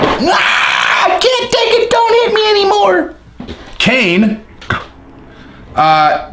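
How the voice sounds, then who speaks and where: A man giving a casual, jokey opinion monologue on fighting, animated and quick to break into impressions. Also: a little high, echoey room. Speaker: MMA commentator.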